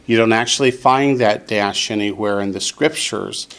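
A man teaching a Hebrew class, saying each word slowly and clearly so his students can repeat it. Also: on the low side, a bit bright. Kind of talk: classroom lesson.

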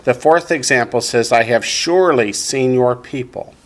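Man, teacher, mid-pitched, steady and deliberate classroom delivery. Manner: slow, deliberate explanations, leads group repetition. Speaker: Hebrew teacher. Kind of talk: classroom lesson with call-and-response.

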